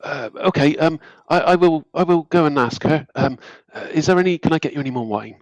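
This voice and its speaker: A man's voice: fairly high pitch, expressive, a little fast, dry recording, soft background music, pitched above the performer's own voice. A man voicing a nervous young male temple servant who stammers and apologizes constantly.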